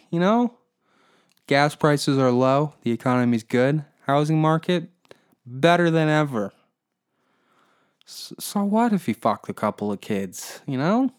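A man's voice: mid-range voice, very animated, measured pace, pitched above the performer's own voice. A man putting on a mocking voice of his folksy older Canadian father. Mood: shrugging. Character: narrator's older Canadian dad, folksy and persuaded.

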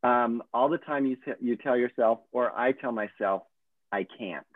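A man's voice: medium pitch, moderate pace, dry recording. A man, a coach, giving earnest and encouraging advice in a casual chat. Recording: tinny phone-like line, dry.

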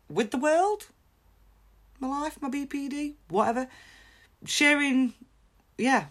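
A woman hosting a podcast, giving candid personal advice in a blunt, frank way and laughing often. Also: on the high side. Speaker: podcast host.

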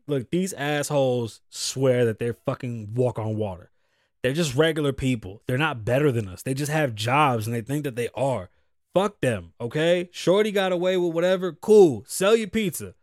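A man's voice: a little high, dry recording, clean studio sound. A man hosting his own show, ranting in casual commentary with profane outbursts and muttered asides. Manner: animated, profane, swings between loud outbursts and muttered asides. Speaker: podcast host.

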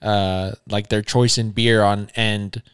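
A man's voice: on the low side, level tone, takes it slowly, clean tone, no echo, clean studio sound. A man in his mid-twenties, co-hosting a podcast in casual chat, laid-back and swearing freely in slang. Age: 20s. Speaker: podcast co-host.

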